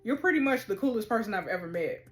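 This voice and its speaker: A woman's voice: medium pitch, animated, fast, soft background music, lightly acted. Woman reading as a nervous new teen girl. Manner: hesitant. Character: nervous new teenage girl, unsure of herself.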